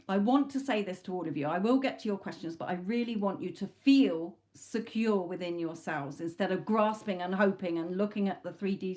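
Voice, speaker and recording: A woman's voice: mid-range voice, a little mellow. A middle-aged woman hosting a live tarot stream, talking in a chatty, emphatic way and swearing casually. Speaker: tarot reader. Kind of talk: live-stream spiritual talk.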